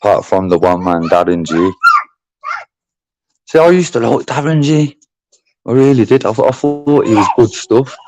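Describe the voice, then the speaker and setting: A man's voice: mid-range voice, expressive, normal speed, long pauses, music in the background, low-quality recording. A middle-aged man rambling bluntly and swearing in casual livestream chat. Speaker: channel host.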